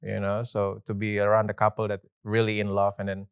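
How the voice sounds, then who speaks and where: A man's voice: lowish voice, monotone, a little fast, creaky, smooth, no echo, studio quality. A man who works as a personal trainer and new wedding celebrant, speaking hesitantly on a podcast in simple non-native phrasing with many ums. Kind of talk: casual podcast chat.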